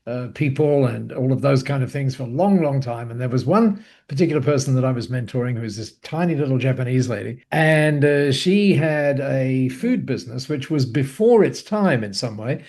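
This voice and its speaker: A man who is a guest, telling a story in a lively conversational way, laughing often and using many fillers. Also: mid-range voice, normal speed, hardly any pauses. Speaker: guest, business co-founder. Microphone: call.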